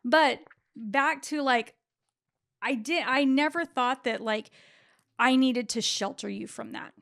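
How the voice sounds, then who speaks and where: A woman's voice: high voice, slow pace, gravelly, fairly bright tone. A middle-aged woman, a therapist hosting a podcast, telling stories in a reflective, casual way with frequent restarts.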